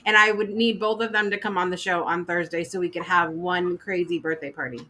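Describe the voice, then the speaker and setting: A woman's voice: fairly low pitch, steady tone, fairly quick, sharp tone, slight background noise. A woman hosting a casual live show, chatting and laughing through scattered asides. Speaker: host.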